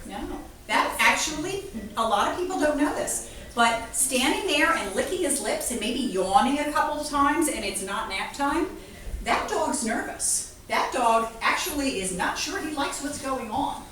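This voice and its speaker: A veterinarian gives a lively school talk, her high voice animated and playful, a little slow, as she asks the children questions. The classroom recording is echoey and from far off, with faint noise.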